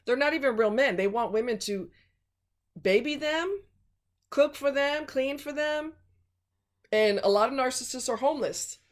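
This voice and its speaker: A woman's voice: sits high, normal speed, long pauses. A woman vlogger giving blunt relationship advice in a casual, emphatic monologue.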